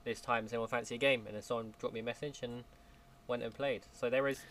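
A man's voice: medium pitch, fairly even intonation, quick pace, a bit bright. A man co-hosting a casual podcast, chatty and joking. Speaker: podcast co-host. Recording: slightly distant mic with faint background noise.

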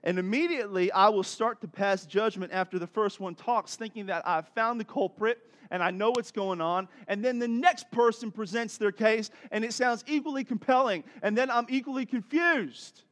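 Animated high-voiced male preacher. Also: normal speed, hardly any pauses. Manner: laughs often, conversational. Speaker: pastor. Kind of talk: sermon.

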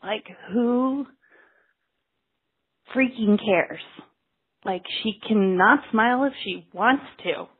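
A woman with a husky voice speaks slowly and deliberately, dismissive and exasperated as she vents. The sound is narrow and tinny, like a voicemail left by phone. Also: fairly high pitch. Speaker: caller. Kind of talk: ranting voicemail.

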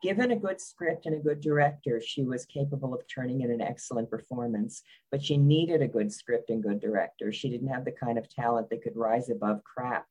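A woman's voice: a bass voice, brisk, few pauses, mellow, husky, low-quality recording. Wry, blunt woman guest. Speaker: biographer guest. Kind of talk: conversational interview.

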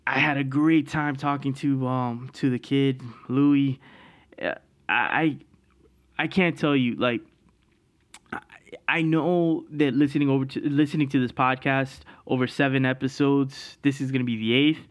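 A man's voice: medium pitch, steady tone, a little slow. A man hosting a podcast, telling a story in a casual, profane way and laughing through it. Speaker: podcast host.

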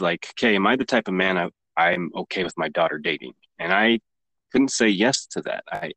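A man's voice: on the low side, fairly bright tone, no room sound, poor audio. A man who is a father, speaking earnestly as a podcast guest, often repeating words as he gathers his thoughts. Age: adult parent of three. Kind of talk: casual podcast conversation.

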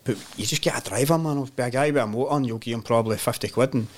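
A Scottish man, a podcast guest, telling animated, sweary travel anecdotes in casual chat, peppered with "mate" and "man". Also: mid-range voice, racing.

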